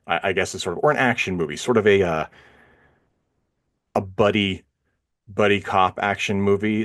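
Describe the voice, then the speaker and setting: Man, very low voice, podcast co-host, casual rambling film talk, lots of fillers. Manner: rambling, many fillers and restarts. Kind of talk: casual film review chat.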